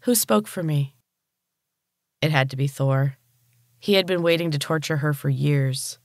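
Narrator for a dark audiobook: slow, unhurried pace, dry close mic. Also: mid-range voice, no room sound. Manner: steady, unhurried reading. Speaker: storyteller.

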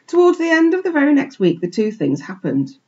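A woman teacher expressively reading a children's book aloud for a remote class, pausing to point out pictures, on a dull lo-fi recording. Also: high voice, huge pitch swings, warm tone. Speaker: primary school teacher. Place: home, remote lesson.

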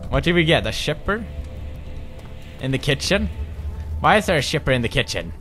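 A man's voice: a little high, sing-song, moderate pace, pauses often, soft background music. Goofy, jumpy man playing a horror game. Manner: jumpy, goofy, loud outbursts. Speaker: gaming commentator. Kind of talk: horror game let's play commentary.

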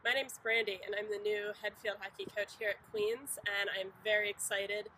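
A woman's voice: medium pitch, level tone, moderate pace, sharp tone. A woman field hockey coach giving a short, upbeat thank-you message outdoors. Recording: distant outdoor camera audio, noisy.

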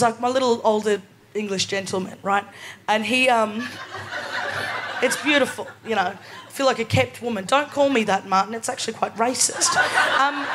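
A woman's voice: mid-range voice, a bit bright, a little hiss or hum. A woman in her twenties with an Australian accent, performing chatty stand-up comedy at a live venue and laughing often as she tells her stories. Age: 20s. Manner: chatty, laughing storyteller, keeps asking "right?".

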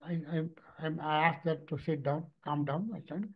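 Animated man, dull lo-fi sound. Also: a little high, moderate pace. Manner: animated storytelling, frequent repetitions and restarts. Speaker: mridangam teacher and therapist. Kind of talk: lecture with anecdotes. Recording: dull lo-fi recording.

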